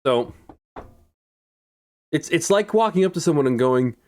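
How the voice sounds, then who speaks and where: A man's voice: on the high side, lively intonation, a little slow. A young man commenting on a racing game, sarcastic and rambling, laughing often. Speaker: gaming YouTuber.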